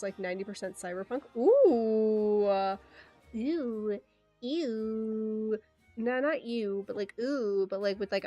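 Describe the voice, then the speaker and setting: A woman livestreamer chatting casually with her viewers, rambling with quick asides, giggles and playful exclamations. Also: medium pitch. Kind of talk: casual rambling stream chat.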